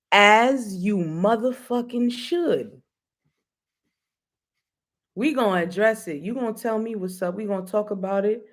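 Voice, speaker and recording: Woman host, blunt and playful, chatting straight to her viewers. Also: medium pitch. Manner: blunt, playful, laughs often, speaks to viewers. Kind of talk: casual live-stream talk show.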